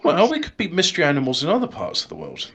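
A man's voice: on the high side, huge pitch swings, fast, a bit bright. A man co-hosting a casual podcast, musing at length with hesitations. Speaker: podcast co-host. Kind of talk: casual chat.

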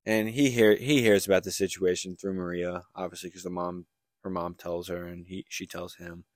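This podcast co-host is a young man whose voice sits low and stays steady at a normal speed. He rambles through a casual book plot recap, peppered with likes and restarts. The studio sound is clean, with no room sound at all.

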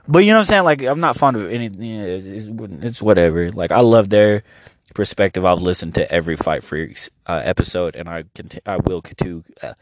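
A man from Oklahoma hosting his own podcast, ranting casually and profanely, dropping to a mumble and then rising to near shouts. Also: on the low side, dry recording, clean studio sound. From Oklahoma, USA. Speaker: podcast host. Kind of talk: casual solo podcast rant.

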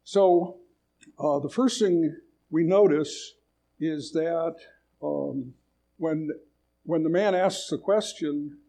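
A man's voice: on the high side, slow pace, vocal fry, long pauses, mellow. A man giving a sermon at a retreat, retelling a story in a conversational way with frequent restarts. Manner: conversational, restarts phrases, paraphrases a story aloud. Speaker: retreat speaker.

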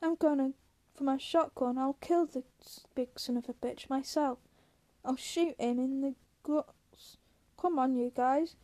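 An angry young ranch man spits out threats and orders in a storybook reading, voiced by a woman. Her voice sits high but soft and mellow. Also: unhurried. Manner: furious, barking threats.

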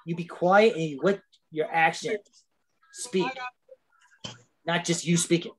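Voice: medium pitch, steady tone, unhurried, slight background noise, low-quality recording. A wrestler chatting casually on a podcast, rambling with lots of fillers and swearing freely.

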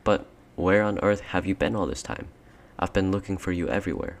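A man's voice: sits low, a little fast. A man reading an audiobook, voicing an eager, happy young girl. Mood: excited. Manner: eager, breathless delight.

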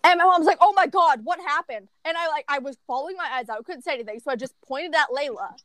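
A woman in a casual storytime chat, rambling through an animated story and often giggling. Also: high voice, quick pace, dry recording. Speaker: vlogger telling a story.

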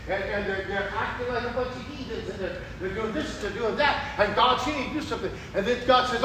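A man preaching a sermon, animated, acting out prayers in a raised voice. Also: extremely high pitch, a little fast, few pauses, a little hiss or hum. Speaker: pastor. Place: church sanctuary. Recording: echoey room heard from a distance.

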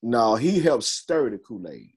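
A man speaking in a casual group chat, plain-spoken and blunt, pausing on fillers. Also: mid-range voice, big pitch swings, over a noisy crowd.

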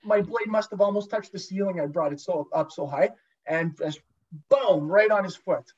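Guy telling a sweary hockey-style war story, lots of false starts, kinda dull low-fi audio. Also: normal speed, a little mellow, breathy edge. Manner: profane, rambling anecdotes with many restarts. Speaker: podcast guest, former pro hockey goalie. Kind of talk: casual storytelling chat. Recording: dull lo-fi sound.

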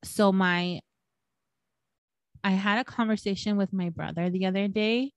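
A woman's voice: medium pitch, fairly even intonation, measured pace, clean tone, no room sound. A young woman co-hosting a podcast, telling stories in a casual chat full of fillers and swearing. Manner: swears freely, storytelling with lots of fillers. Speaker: podcast co-host.

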